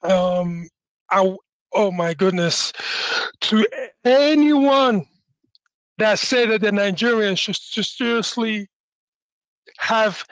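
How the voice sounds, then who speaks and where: A male caller with a high voice speaks with emphatic indignation. The sound is dry and close. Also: slow pace, long pauses, clean tone, dry recording, rough recording.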